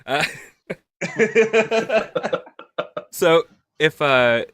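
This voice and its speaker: A man's voice: on the high side, big pitch swings, extremely slow, a bit bright, no echo. Casting: Southern man hosting a podcast, mock-indignant teasing, dry close mic. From Southern United States. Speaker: podcast host. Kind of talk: casual podcast chat.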